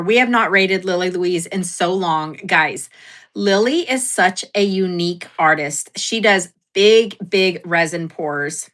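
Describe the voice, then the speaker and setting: Young adult woman livestream host, bright voice, giggly and rambling. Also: on the low side, slow pace. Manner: giggly, self-deprecating, rambling with fillers. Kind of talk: casual livestream chat.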